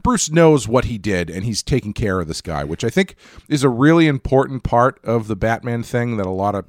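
A man's voice: medium pitch, expressive, brisk, dry recording, studio quality. A man co-hosting a podcast, chatting casually about a cartoon episode and thinking aloud with restarts and asides. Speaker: podcast co-host.

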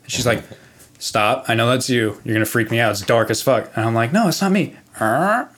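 A young man spins a spooky story on a podcast in a loose, rambling way. He swears freely and keeps restarting his sentences and padding them with fillers. His pitch sits in the middle. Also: flat delivery, a little fast, a bit bright. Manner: rambling, profane, lots of fillers. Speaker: podcast guest. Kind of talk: casual storytelling.

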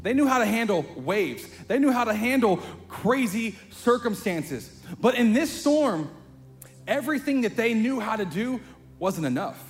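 A pastor preaching a sermon in a chatty, conversational way, building to animated emphasis. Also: male voice, extremely high pitch, unhurried. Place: church sanctuary. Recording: long hall reverb, faint music.

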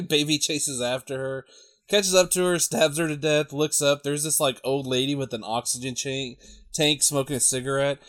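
A man's voice: a little high, steady tone, a bit bright. A man in casual chat about a film, chuckling often and chiming in eagerly. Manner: chuckling, eager, quick to chime in.

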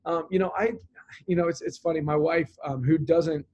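A man's voice: on the high side, steady tone, moderate pace, darkish tone, muffled recording. A man being interviewed as a business owner, talking earnestly about his goals with many fillers and repeated words. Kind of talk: conversational interview answer.

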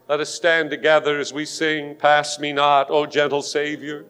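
A pastor making an urgent, pleading altar call during a sermon in a large church sanctuary. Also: male voice, fairly high pitch, completely flat delivery, normal speed, few pauses, a bit bright, clean tone, faint music behind. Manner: pleading and urgent, rising to fervent force. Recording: long hall reverb of a church.

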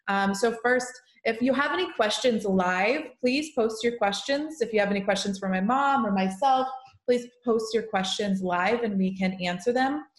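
A young woman hosting a live conversation, speaking softly and reading poems aloud in a slow, tender way. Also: a little high. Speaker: host. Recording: echoey room.

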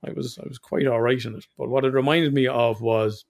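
A man's voice: medium pitch, fairly even intonation, fairly quick, creaky, a little mellow. An Irish man telling rambling stories in casual podcast chat and swearing freely. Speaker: podcast co-host.

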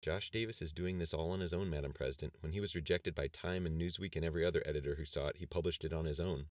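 Guy reading as a brisk no-nonsense lady chief of staff, low and quick. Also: steady tone, darkish tone, dry recording, clean studio sound. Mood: briefing. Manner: brisk, matter-of-fact reporting. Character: briefing woman chief of staff.

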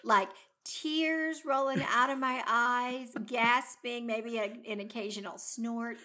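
Woman, casual co-host, animated storyteller. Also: fairly high pitch, slow pace. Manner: animated storyteller, acts out her own gasps and quotes. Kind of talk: casual chat.

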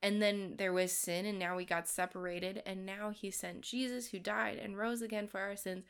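A woman's voice: medium pitch, fairly even intonation, moderate pace, clean tone. A woman hosting a faith podcast, talking in an earnest, encouraging way with casual fillers. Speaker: podcast host. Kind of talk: devotional podcast talk.

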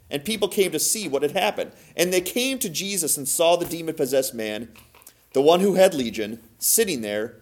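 A man hosting a podcast, giving a casual Bible teaching in a conversational way, asking his listeners questions and swinging between emphatic and soft delivery. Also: fairly high pitch. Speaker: podcast host teaching scripture.

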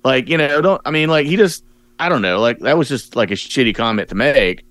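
A man's voice: mid-range voice, expressive, brisk, fairly bright tone, no echo. Rambling male podcast co-host. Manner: rambling, filler-heavy reactions. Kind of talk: casual chat.

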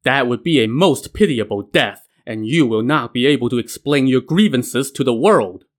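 A man's voice: mid-range voice, lively intonation, normal speed, natural voice. A man voicing a loyal general who pleads and argues urgently, in a told story. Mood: pleading. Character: loyal, pleading male general, a sworn brother.

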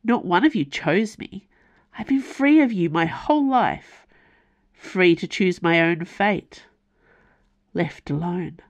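A woman reading aloud, voicing a stubborn young man who answers a god with defiance, pitched a little higher and pressing. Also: expressive, slow pace. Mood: defiant.

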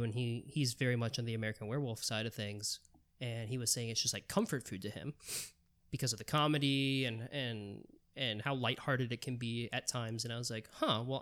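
Measured man with a smooth voice. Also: mid-range voice, fairly bright tone. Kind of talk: casual chat.

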